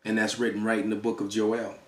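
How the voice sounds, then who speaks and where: A man's voice: on the low side, completely flat delivery, quick pace. A man giving an emphatic preaching-style lecture as a religious teacher, often stopping to ask "all right?" and restarting phrases as he goes. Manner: restarts and stammers mid-phrase.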